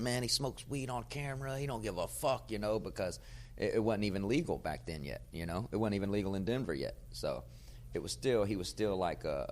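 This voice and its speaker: Profane, animated man telling stories. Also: low voice, slight background noise. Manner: profane, animated storyteller who gets loud acting out arguments. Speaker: podcast host, comedian. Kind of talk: casual storytelling monologue.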